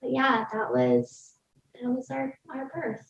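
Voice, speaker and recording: Podcast guest, woman, slightly high voice, candid chatty storyteller, lots of "like"; distant roomy mic, dull audio. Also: very animated, slow pace, vocal fry. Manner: candid, lots of "like", laughs through hard moments. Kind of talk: casual personal storytelling. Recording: roomy, distant, dull sound with faint ambience.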